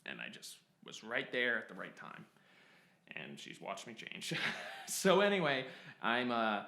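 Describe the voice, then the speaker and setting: A man's voice: medium pitch, wildly swooping pitch, a little slow, creaky, sharp tone. A young man in his twenties telling a rambling personal story, stopping and restarting often and laughing at himself. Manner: self-interrupting, laughs at himself, many fillers. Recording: roomy echo.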